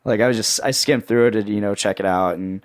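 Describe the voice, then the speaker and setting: A man hosting a casual podcast, rambling through plugs with a playful sales-pitch delivery. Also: quick pace, no room sound, studio quality. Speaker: podcast host and network editor. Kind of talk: casual podcast chat with co-hosts.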